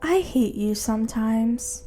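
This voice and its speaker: An excitable young woman whose voice lifts high with eagerness, as the narrator voices her. Faint music sits behind this homemade fan-fiction reading. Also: takes it slowly. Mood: plain.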